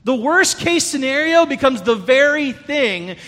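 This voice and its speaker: A man's voice: very high-pitched, lively intonation, measured pace, bright, forceful tone. A man preaching a sermon as pastor, earnest and conversational, often restarting his phrases. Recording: long hall reverb.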